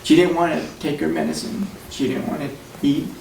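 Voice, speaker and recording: Man, slightly high voice, rambling folksy memorial storyteller, picked up from far off in an echoey, noisy hall. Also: fairly even intonation, a little fast, gravelly, darkish tone. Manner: folksy, rambling, laughs often. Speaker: friend speaking at a memorial. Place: memorial service room. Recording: distant mic in an echoey hall with noise.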